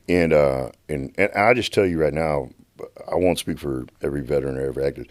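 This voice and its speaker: A middle-aged man, a podcast guest telling stories with animated energy and many restarts. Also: a bass voice, vocal fry, no room sound. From United States. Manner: animated, repeats words and restarts sentences. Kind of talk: passionate storytelling. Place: podcast studio.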